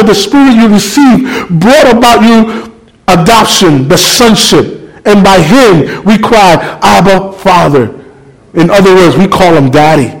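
A middle-aged male pastor preaching a sermon with passion, swinging from loud calls to soft, low reflection. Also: poor audio.

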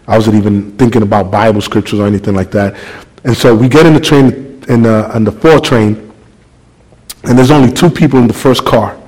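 A man preaching a sermon, telling a story with lively, animated delivery that climbs toward near-shouting. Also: mid-range voice, husky, low-quality recording. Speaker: pastor.

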